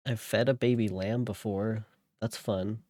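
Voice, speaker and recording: A young man with a fairly low voice, recorded close and dry with no room sound. He chats loosely with his viewers and then slips into reading a novel aloud at an easy, unhurried pace. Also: dry recording. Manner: relaxed, chatting with viewers between read passages. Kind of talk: casual chat mixed with reading aloud.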